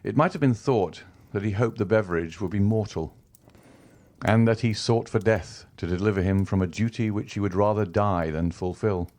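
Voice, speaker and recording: A man narrating a classic novel audiobook in a measured, even storytelling manner. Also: on the low side.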